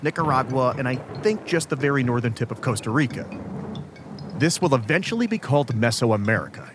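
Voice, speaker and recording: A man's voice: mid-range voice, noisy background. A man from upstate New York hosting a history podcast, narrating from a script in a wry, self-deprecating way. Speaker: podcast host.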